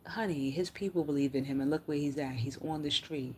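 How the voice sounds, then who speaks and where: A woman's voice: deep voice, fairly even intonation, brisk, hardly any pauses, a little mellow, slight background noise. A woman ranting bluntly and profanely on a casual livestream, reading chat comments aloud.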